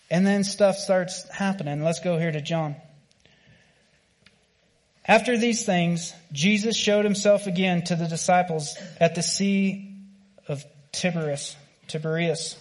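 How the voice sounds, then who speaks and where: American man, slightly high voice, chatty sermon delivery with lots of restarts. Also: steady tone, unhurried, long pauses. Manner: casual, conversational preaching with frequent fillers and restarts. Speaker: preacher.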